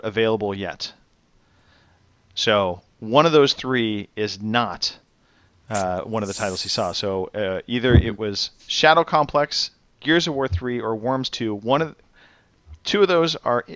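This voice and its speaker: A man hosting a gaming podcast and running a quiz, reading questions slowly and announcing results with enthusiasm. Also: medium pitch, fairly bright tone, dry recording. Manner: upbeat quizmaster, reads questions slowly and clearly. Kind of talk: casual podcast chat.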